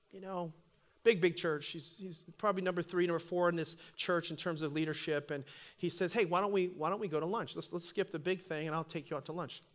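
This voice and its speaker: High-voiced pastor preaching a story. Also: male voice. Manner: animated storytelling, voice swelling loud for emphasis. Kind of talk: sermon with personal story.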